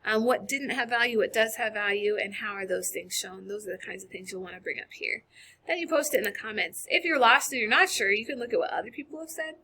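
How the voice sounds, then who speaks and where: A woman teacher walks through an online class assignment in a casual, upbeat way, with plenty of ums along the way. Her voice is bright and clear, and she sounds like she is talking into a computer mic at her desk. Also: medium pitch, fast talker. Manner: casual, upbeat, chatty with fillers. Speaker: high school English teacher. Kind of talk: recorded screen-share lesson walkthrough.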